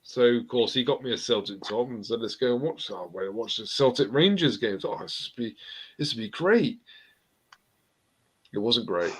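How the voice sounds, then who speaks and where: A man in his forties hosting a casual live chat, an animated storyteller who laughs at his own tales. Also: medium pitch, fairly quick, few pauses, husky. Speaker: host.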